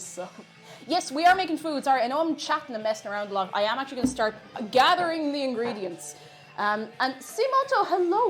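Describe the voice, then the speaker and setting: Chatty Irish woman streamer. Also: on the high side. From Ireland. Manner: chatty, reads out chat messages. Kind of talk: casual live-stream chat while cooking.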